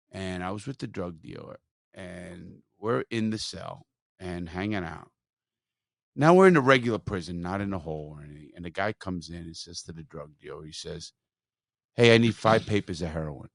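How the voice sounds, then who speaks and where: A man hosting a podcast, telling a story in a blunt, profane, animated way. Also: deep voice, moderate pace, gravelly, no echo, clean studio sound. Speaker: podcast host.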